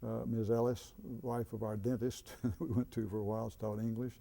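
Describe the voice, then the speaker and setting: An older man in an interview, recalling his school teachers in a halting way, with many fillers. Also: lowish voice, little pitch movement, vocal fry, mellow. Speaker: interviewee, former student. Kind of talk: reminiscing interview.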